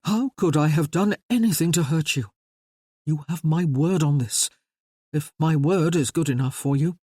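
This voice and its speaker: A reader voicing a reserved nobleman who speaks in a measured, earnest way. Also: medium pitch, darkish tone, slightly rough, dry recording, studio quality, lightly acted.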